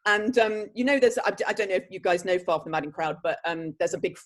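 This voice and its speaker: A woman, an actress answering interview questions with lively, laughing anecdotes. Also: lowish voice, quick pace. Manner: animated storyteller, breaks into laughter. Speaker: actress guest.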